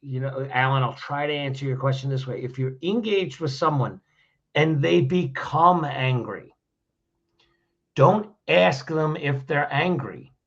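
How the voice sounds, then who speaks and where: On a podcast, a man with a creaky, medium-pitched voice offers plainspoken, conversational advice on handling anger. He speaks unhurriedly and often restarts his phrases, and the highs in the audio are cut off.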